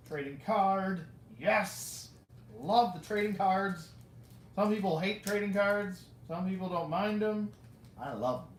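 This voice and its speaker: During a live unboxing, a collector laughs a lot, chats to the toy figures, and rambles with plenty of self-mockery. The voice is mid-range, in an echoey room with slight background noise.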